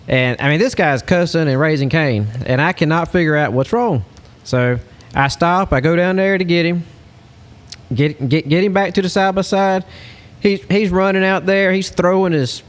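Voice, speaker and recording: A man, a hunting lodge guide, telling a story in a casual, animated way. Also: on the high side. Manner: animated storyteller, Southern-style speech.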